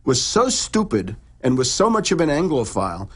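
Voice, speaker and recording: A man with a medium-pitched, very animated voice that has a breathy edge. He lectures on history at length in conversation, his long explanations halting and full of restarts and fillers.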